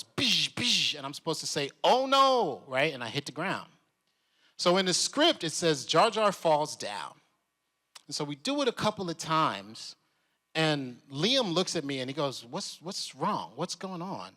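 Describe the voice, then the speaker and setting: A man tells an on-set story to a convention crowd, his voice bright and a little high. He is animated and slips into other people's voices as he talks. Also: normal speed. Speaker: actor guest. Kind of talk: casual storytelling at a convention panel.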